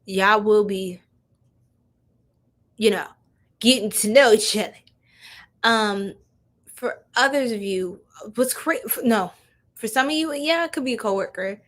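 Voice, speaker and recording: A woman's voice: mid-range voice, measured pace, pauses often. A young woman giving a chatty live-stream tarot reading, laughing often and talking straight to her viewers in slang. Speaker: tarot reader.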